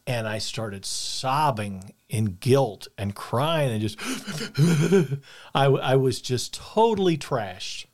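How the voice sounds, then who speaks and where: A man's voice: mid-range voice, expressive, very slow. An older man, earnest and reflective, telling a personal story about faith and loss. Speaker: podcast co-host.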